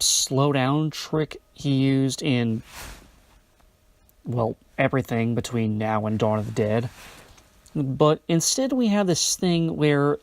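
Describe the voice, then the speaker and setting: Dry, close-miked film reviewer. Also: male voice, mid-range voice, darkish tone, no echo. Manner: enthusiastic, wry asides.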